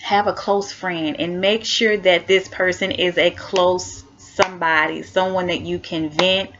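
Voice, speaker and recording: A woman's voice: fairly low pitch, fairly even intonation, a little slow, background noise. A woman vlogger giving heartfelt self-help advice, earnest and encouraging, repeating her key points. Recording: dull lo-fi recording.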